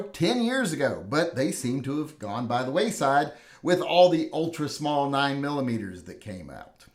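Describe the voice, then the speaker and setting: A man's voice: mid-range voice, fairly bright tone. A middle-aged man hosting a gun channel, giving humorous voice-over commentary on viewers' carry guns with dry, teasing sarcasm.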